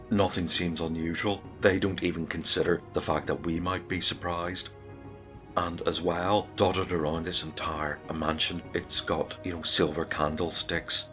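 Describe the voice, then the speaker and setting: A man narrating a solo tabletop game in a relaxed, conversational storytelling way. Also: low voice.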